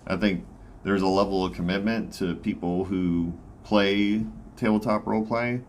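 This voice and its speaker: A man with a Southern American accent, a guest in a casual chat, talking haltingly with many fillers. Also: sits low, steady tone, a little hiss or hum. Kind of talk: casual conversation.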